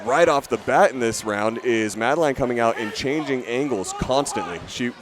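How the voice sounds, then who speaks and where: A man's voice: medium pitch, moderate pace, noisy background. A man doing live fight commentary, chatty and upbeat, often stumbling and restarting his sentences.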